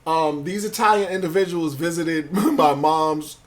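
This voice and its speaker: Unhurried and on the high side, this man's voice tells his life story as a guest in a laid-back interview. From Brooklyn, New York, he swears freely, uses street slang, and animatedly performs the voices of family members and police.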